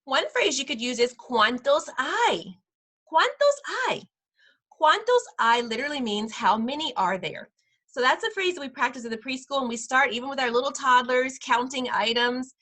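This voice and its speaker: A woman teaching a parents' class over a video call, pitched a little high with a bright, clear edge. She talks patiently and models each sound slowly, repeating words so her students can follow. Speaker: preschool director teaching a parent Spanish class. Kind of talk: online class instruction.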